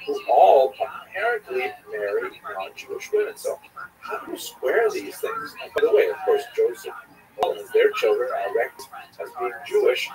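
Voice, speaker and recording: Halting male lecturer, lively pitch. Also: low-quality recording. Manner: halting, with many filler pauses. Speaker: lecturer on religious texts. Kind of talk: recorded lecture.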